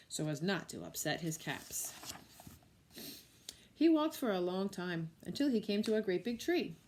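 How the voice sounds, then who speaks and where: A woman, a preschool teacher, reading a picture book aloud to young children with expressive storytelling. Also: on the low side, unhurried.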